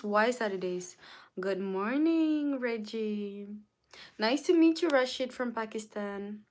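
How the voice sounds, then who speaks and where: A young woman from Africa chatting casually on a livestream, reading viewer comments aloud and answering them, with lots of "like". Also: mid-range voice. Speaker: livestream host.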